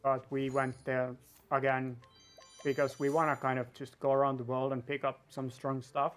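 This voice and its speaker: A man's voice: mid-range voice, flat delivery, normal speed, soft background music. A man giving playful, joking speedrun commentary. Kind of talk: casual commentary.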